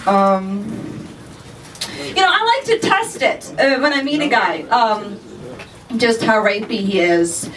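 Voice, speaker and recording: A young woman performing a stand-up set in a dry, halting way, with many ums between the jokes. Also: fairly high pitch, animated. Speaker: stand-up comedian. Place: live comedy stage in a garage studio. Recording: far from the mic, with a loud audience laughing. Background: audience laughter.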